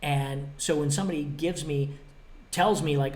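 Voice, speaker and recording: A man's voice: on the high side, steady tone, normal speed, a little mellow. A man hosting his own motivational podcast, talking emphatically and bluntly, with a little cheek, and acting out both sides of imagined exchanges. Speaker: podcast host.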